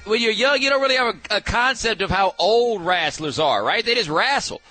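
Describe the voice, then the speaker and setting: A man hosting a sports talk show, riffing in a casual, animated way with frequent restarts. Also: high voice, brisk, soft background music.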